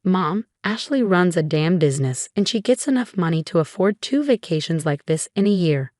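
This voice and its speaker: A woman reading the lines of an angry grown son who defends his wife, in an even, flat delivery. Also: fairly low pitch, normal speed, no room sound, clean studio sound, close to an everyday voice.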